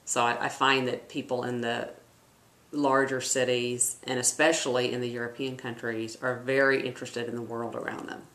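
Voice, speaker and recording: A man giving slow, reflective interview answers. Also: medium pitch, flat delivery, fairly bright tone. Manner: measured and reflective. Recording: roomy echo.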